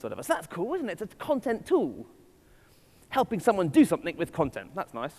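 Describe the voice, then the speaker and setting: This keynote, given on a festival stage in a large hall, comes from a conference speaker with an English accent who drops playful, self-mocking asides for the live audience. His high, slightly mellow voice swings hugely in pitch and moves briskly. Long reverb from the hall is audible.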